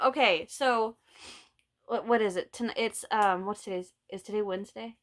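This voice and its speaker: This crochet vlogger, a middle-aged woman with a Southern Illinois accent, talks at a moderate pace in a mid-range, fairly bright voice. She chats casually about her projects, shares stories, and laughs a lot.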